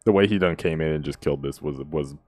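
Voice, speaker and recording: A man hosting a music reaction and chatting casually. He is excitable, laughs often, and acts out quotes in slangy speech. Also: rumbling low, fast talker, no room sound.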